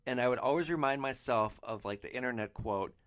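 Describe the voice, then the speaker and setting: A man hosting a podcast, telling rideshare stories in an animated, exasperated and wry monologue. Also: medium pitch, brisk. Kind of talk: storytelling monologue.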